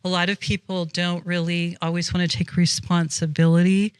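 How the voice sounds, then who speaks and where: A woman's voice: on the low side, flat delivery, normal speed, smooth, no echo. A woman guest on a faith podcast, talking earnestly in a rambling way, with many fillers. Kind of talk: casual faith conversation.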